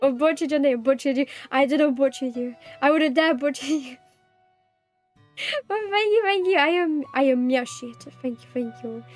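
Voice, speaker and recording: Streaming live, a young British woman chats casually with her viewers and reads out their messages, bubbly, giggly and quick to say sorry. Her voice is high-pitched, with soft music playing in the background.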